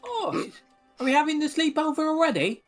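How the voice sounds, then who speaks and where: Animated woman with wry game-table asides. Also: sits high, fairly quick, soft background music. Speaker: player. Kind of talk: casual tabletop game chat.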